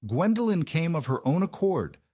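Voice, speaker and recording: A man voicing a sharp, scornful sister-in-law who grows shrill when cornered. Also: animated, normal speed, slightly rough. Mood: frantic.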